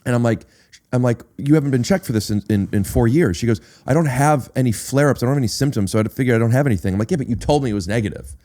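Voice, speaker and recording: A man's voice: medium pitch, very fast, mellow. A man hosting a podcast, telling a personal story in casual chat, often stopping to repeat words and say uh. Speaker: podcast host.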